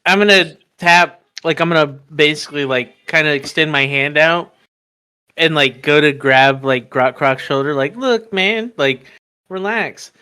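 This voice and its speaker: A man's voice: on the high side, fairly even intonation, moderate pace, sharp tone, smooth. A man playing a tabletop game, rambling with lots of likes and swearing. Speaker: player. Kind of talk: casual tabletop play.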